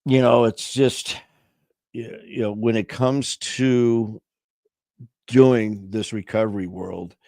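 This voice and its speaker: A man's voice: fairly low pitch, fairly even intonation, takes it slowly, vocal fry, darkish tone, dry recording, clean studio sound. A man hosting a livestream, chatting casually in a rambling, informal way full of fillers. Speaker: livestream host.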